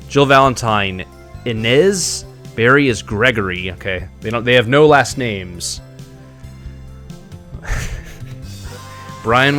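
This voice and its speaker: A man streaming a game live, giving animated, mocking commentary with laughs. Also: mid-range voice.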